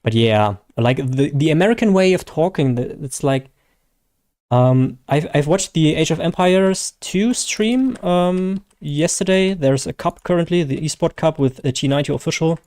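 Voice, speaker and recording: A man's voice: fairly high pitch, animated, moderate pace, a little mellow. A man with a German accent chatting casually and rambling to viewers on a live game stream, his first language German. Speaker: gaming streamer.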